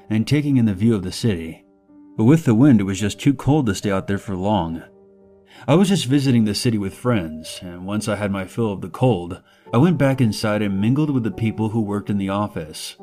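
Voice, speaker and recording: A man with a fairly low voice narrates an eerie first-person story at a measured, even pace. Faint music plays softly beneath his voice.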